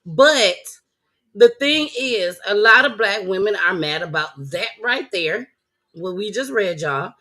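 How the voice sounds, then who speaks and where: A woman's voice: medium pitch, expressive, a little slow, sharp tone. A woman hosting a casual chat show, talking loosely and laughing as she speaks straight to her viewers. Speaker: host.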